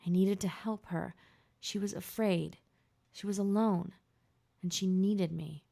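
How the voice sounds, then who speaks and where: A woman narrating a first-person audiobook in a hushed, tense, emotional way. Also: mid-range voice, steady tone, a little slow, creaky.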